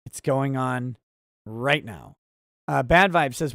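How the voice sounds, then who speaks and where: A man hosting a relaxed livestream, reading viewer chat aloud and answering in a rambling, easily sidetracked, wry way. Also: medium pitch, slow, gravelly, no room sound, clean studio sound.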